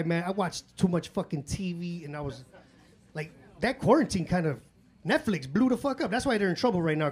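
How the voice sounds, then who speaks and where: A man in his forties from Chicago doing a stand-up comedy set in a club, with loose, profane street talk full of fillers. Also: high voice.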